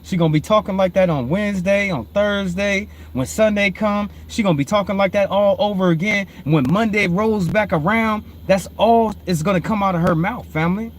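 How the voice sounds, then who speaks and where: High-voiced man preaching casually. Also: moderate pace, few pauses. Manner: repetitive, calls listeners "family"; swings between low murmured reading and loud emphatic rising preaching. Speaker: host. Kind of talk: informal preaching on proverbs.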